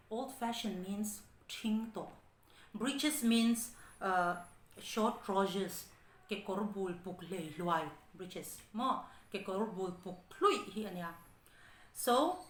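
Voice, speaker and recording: A woman's voice: mid-range voice, a bit bright, echoey room. A woman teacher with a Mizo accent, reading a story aloud to a class and explaining words, sometimes switching into Mizo. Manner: explains words slowly, switches languages, asks the class questions.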